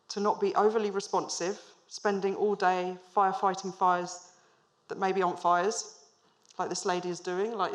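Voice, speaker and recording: Her mid-range voice carries through a storytelling business talk she gives on stage. She is a managing director in her thirties who questions the live audience and keeps things lightly funny.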